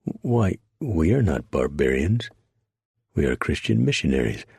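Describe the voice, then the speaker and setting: A man's voice: extremely low pitch, sing-song, measured pace, gravelly, darkish tone, husky, no room sound, studio quality, exaggerated voice. A man doing a flustered, pompous church deacon. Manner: stammering, earnest.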